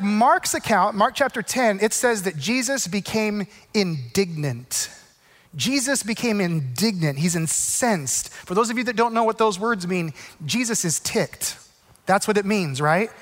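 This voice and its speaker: Animated high-voiced preacher in a reverberant hall. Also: male voice. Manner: conversational, animated preaching with asides to the congregation. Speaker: pastor. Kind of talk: sermon.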